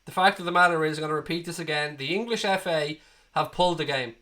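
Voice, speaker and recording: A man's voice: fairly high pitch, fast talker, sharp tone. A man in his late thirties from Dublin with an Irish accent, hosting a live football watchalong and chatting bluntly to his viewers, swearing freely and sounding a bit under the weather with a cold. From Ireland. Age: 30s. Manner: blunt and sweary, talks straight to chat. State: has a cold. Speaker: livestream host.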